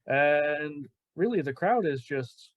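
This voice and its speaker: A man's voice: fairly high pitch, lively intonation, takes it slowly, dry recording, highs cut off. Enthusiastic game master, man. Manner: enthusiastic, laughs often. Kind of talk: narrating a tabletop game.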